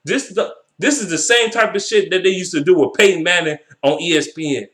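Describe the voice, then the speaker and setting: A man's voice: high-pitched, brisk, a bit bright. A young man ranting heatedly about basketball as a sports vlogger, swearing and repeating himself. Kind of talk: profane sports rant.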